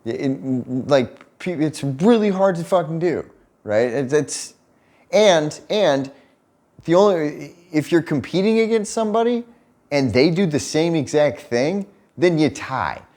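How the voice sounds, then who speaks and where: A man's voice: fairly high pitch, unhurried. A young man casually telling a story to camera, laughing often, swearing freely and acting out what people said. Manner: swears freely, laughs often, animated retelling with quoted voices. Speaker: vlogger telling a story about his partner.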